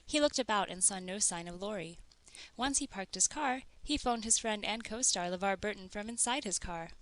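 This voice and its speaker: A woman's voice: mid-range voice, normal speed, a bit bright, poor audio. Woman reading an audiobook evenly. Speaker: narrator. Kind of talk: audiobook narration.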